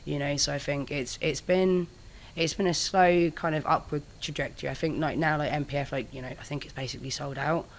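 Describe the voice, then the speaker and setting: Band member for an interview: husky, gravelly woman with a phlegmy throat, loose and sweary. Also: low-pitched, steady tone, brisk. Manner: swears freely, jokey, trails off into soft asides. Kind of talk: casual interview chat.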